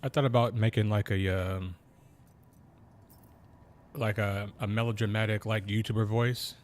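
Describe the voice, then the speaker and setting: A man streaming a game, talking slowly and casually in a kept-down voice, with a lot of slang. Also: on the low side, steady tone. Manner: slow, laid-back talker; keeps voice down. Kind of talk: casual live-stream chat.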